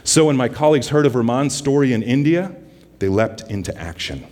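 A man's voice: mid-range voice, expressive. Man preaching in a reverberant hall. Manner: conversational, scripture quotes slowed and softened. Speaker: guest preacher from a justice ministry. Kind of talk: sermon.

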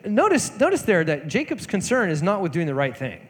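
A man's voice: sits high, huge pitch swings, brisk. A man giving a casual, conversational sermon, retelling scripture in a chatty way and slipping into voices for the characters. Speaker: pastor. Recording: hall reverb.

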